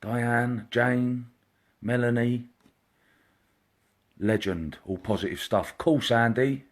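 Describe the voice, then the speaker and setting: A man, a psychic medium, hosting a casual live stream, chatty and greeting viewers by name, sometimes dropping into a quiet murmur. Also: medium pitch, slow pace. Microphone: computer or phone mic, live stream.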